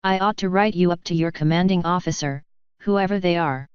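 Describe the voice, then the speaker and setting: A woman's voice: lowish voice, fairly quick, clear, resonant tone, no echo, lightly acted. A woman voicing an arrogant, dismissive stallion sergeant with a sneering manner. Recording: dry, slightly muffled.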